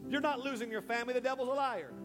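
High-voiced impassioned male preacher. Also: very fast, in a large hall, over music. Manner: impassioned preaching, building to shouts. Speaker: pastor. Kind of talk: sermon with altar call. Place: church sanctuary.

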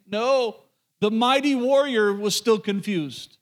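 A male pastor preaching a sermon, retelling a story in an animated, conversational way and speaking straight to his listeners. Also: very high voice, normal speed.

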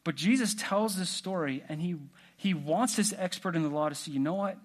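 A man preaching a sermon in a relaxed, conversational way, asking the congregation questions. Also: high voice, fairly quick. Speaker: pastor.

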